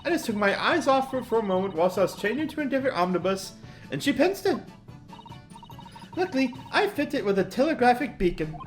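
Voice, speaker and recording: A cheerful young British girl inventor, as a woman puts her on chirps with a raised, sing-song voice and a prim, scolding manner. Her pitch leaps up and down widely, and faint music plays behind her. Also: sing-song, a little fast. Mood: bubbly prim.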